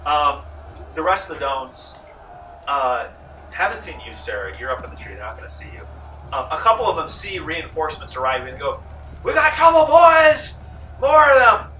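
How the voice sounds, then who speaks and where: A man running a tabletop game as game master, telling the action with animated energy and shouting out the characters' lines. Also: mid-range voice, a little fast, echoey room, distant mic, a little hiss or hum, rough recording. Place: large room, library program.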